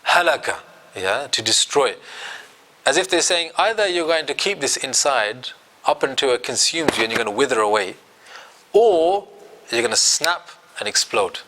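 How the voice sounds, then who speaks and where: A man's voice: mid-range voice, expressive, moderate pace, sharp tone, a little hiss or hum. A man teaching a Quran commentary class, quizzing his students and acting out quotes.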